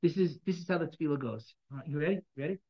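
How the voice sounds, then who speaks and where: A man teaching a Torah text class at a rapid clip, his voice a touch high for a man. He reads Hebrew verses aloud, then explains them in English with quick repetitions and frequent checks for understanding. The recording sounds dull and lo-fi. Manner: fast, repetitive, checks in with students. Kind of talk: classroom text study lesson.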